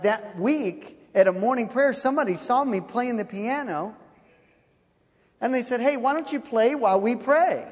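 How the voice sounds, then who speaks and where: High-voiced man preaching in a reverberant hall. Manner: animated, laughing while telling a story. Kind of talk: sermon storytelling.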